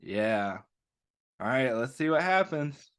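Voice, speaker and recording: A man hosting a children's story time, reading a picture book aloud and asking the kids gentle questions as he goes. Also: medium pitch, sing-song, takes it slowly, clear, resonant tone.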